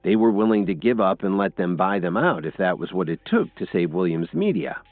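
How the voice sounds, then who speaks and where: A man with a very low voice narrates a scripted story with a lively, expressive lilt. The audio is thin and phone-like, bone-dry, with faint music playing underneath. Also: fairly quick, dry recording.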